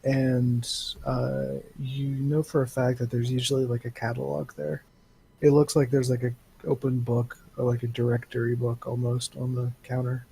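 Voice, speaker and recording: Husky game master narrating. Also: male voice, medium pitch, completely flat delivery, moderate pace, dark tone, poor audio. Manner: hesitant, filler-heavy narration.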